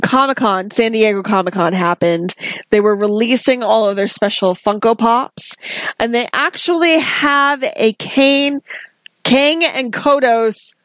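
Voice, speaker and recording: Female podcast co-host, relaxed and slow-paced, slightly high pitch, dry mic. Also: dry recording. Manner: unhurried, hesitant with fillers. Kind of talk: casual chat about a cartoon.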